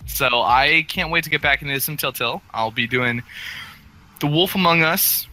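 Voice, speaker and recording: Bright-voiced eager male guest. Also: a little high, normal speed. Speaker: podcast guest and channel moderator. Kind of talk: casual podcast chat.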